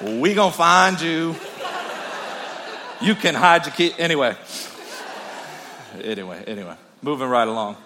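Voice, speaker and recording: A male pastor preaching a sermon with energetic, emphatic delivery, often repeating his points for emphasis. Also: on the high side, measured pace, pauses often, a crowd in the background, noisy background.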